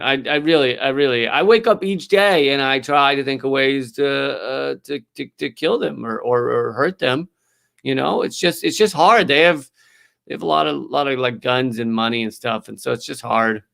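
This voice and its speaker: A man voicing a dim, weary male fighter who stammers apologetically in a lower voice. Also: normal speed, vocal fry, fairly bright tone. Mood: sheepish.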